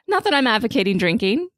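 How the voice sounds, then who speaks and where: A woman's voice: a little high, a bit bright, no echo. A woman co-hosting a podcast in casual chat, playful and teasing with her co-host.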